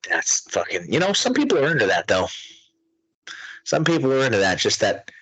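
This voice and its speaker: Man, podcast co-host: husky, lively, crude, mocking banter. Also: mid-range voice, brisk, dry recording, rough recording. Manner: profane, animated, mocking. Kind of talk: crude casual chat.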